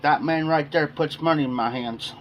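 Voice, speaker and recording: A man's voice: fairly high pitch, normal speed, a bit bright, slight background noise. A man hosting a casual livestream, telling a long story to his chat and repeating "I said" as he goes. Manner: rambling, repeats "I said" while retelling. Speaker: livestream host.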